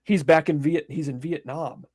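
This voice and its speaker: At a normal pace and with a slightly high voice, a man co-hosting a relaxed podcast recounts a movie scene by scene. His storytelling is lively, profane, and peppered with acted-out moments.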